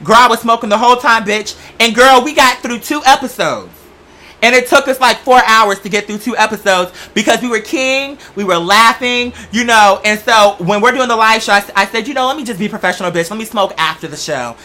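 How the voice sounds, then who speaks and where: A man's voice: sits high, fairly quick, pushed and bright. A young man hosting a show, talking in a sassy, campy, profane comedic monologue. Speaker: show host.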